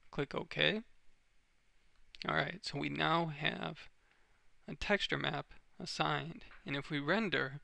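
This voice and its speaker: Man, tutorial voice-over, slow and gravelly, bright tone, dry close mic. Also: on the high side, no room sound. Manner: steady step-by-step explaining. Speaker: software tutorial instructor. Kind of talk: screen-recorded software tutorial.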